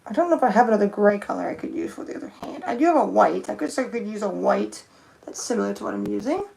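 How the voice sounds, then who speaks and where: Gravelly-voiced woman muttering while painting nails. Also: mid-range voice, expressive, quick pace, a little mellow, slight background noise, rough recording. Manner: thinks aloud, muttering and humming to herself. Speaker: nail art streamer. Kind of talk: casual live-stream chatter while painting nails.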